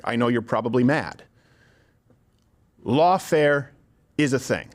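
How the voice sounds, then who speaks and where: A man hosts a commentary segment in an emphatic, rhetorical voice. He speaks directly to his audience and presses each point home. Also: medium pitch. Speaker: commentary host. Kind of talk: scripted political commentary.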